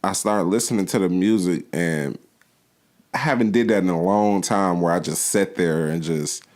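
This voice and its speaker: A man's voice: sits low, moderate pace, a little mellow. A man co-hosting a podcast, talking in laid-back, slangy banter full of profanity. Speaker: podcast co-host. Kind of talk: casual chat.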